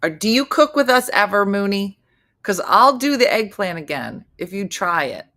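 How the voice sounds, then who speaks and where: A woman's voice: mid-range voice, sing-song, moderate pace, sharp tone. A woman in her fifties hosting a casual live chat, reading viewer comments in a chatty, teasing, playfully incredulous way. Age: 50s. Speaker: host.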